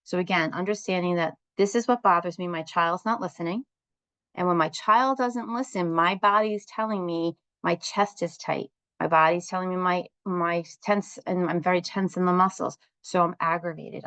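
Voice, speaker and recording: Calm, low-voiced woman leading a support group. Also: no room sound. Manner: calm, explanatory, asks the group questions. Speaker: parent support group facilitator. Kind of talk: instructional talk to a group.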